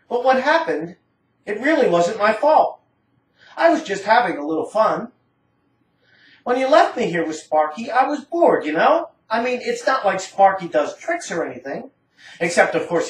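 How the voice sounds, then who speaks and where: A woman giving a dramatic first-person story reading in a rambling, casual, slangy manner. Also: a little high. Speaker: narrator. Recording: roomy, distant from the mic.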